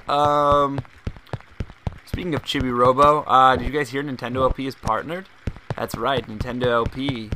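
A young man giving chatty let's play commentary as the host of a gaming video, rambling along and bursting into excited shouts, with game music behind him. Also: medium pitch, normal speed, a little hiss or hum.

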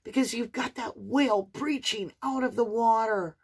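A woman doing an animated, affectionate tarot reading for her viewers, with sing-song emphasis and a chatty, conversational flow. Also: on the high side, moderate pace, gravelly, slightly rough. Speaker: tarot reader. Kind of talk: spiritual tarot reading to camera.

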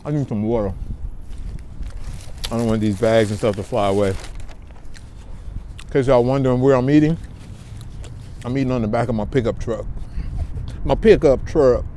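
A man's voice: medium pitch, moderate pace, long pauses, mellow, slight background noise. A man from Newark, chatting casually to his viewers as a food vlogger while eating outdoors in a city park. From Newark, New Jersey. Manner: chatty, talks straight to viewers as "y'all". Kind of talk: casual chat to camera.

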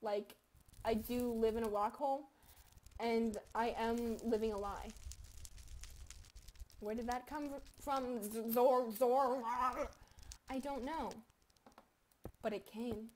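A woman's voice: a little high, steady tone, takes it slowly, pauses often, a little mellow, slight background noise. A young woman in her teens, rambling, swearing and giggling as she comments on a game she is playing at home. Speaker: gaming YouTuber. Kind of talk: casual gaming commentary.

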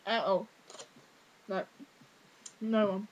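A woman's voice: medium pitch, fairly even intonation, drawn-out words, highs cut off. A teenage girl, ranting casually to camera with lots of fillers, exasperated. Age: teens. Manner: exasperated, rambling with many fillers. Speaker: vlogger.

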